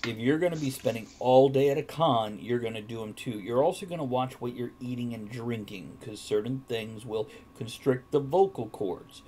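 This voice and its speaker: A man's voice: mid-range voice, moderate pace, few pauses, mellow, slight background noise. A man hosting a casual chat, asking questions and giving direct practical advice. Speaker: host.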